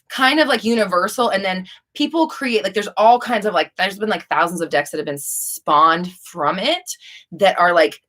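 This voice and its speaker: A woman's voice: medium pitch, fairly bright tone. A young woman hosting a live stream, chatting casually and rambling with many fillers and restarts.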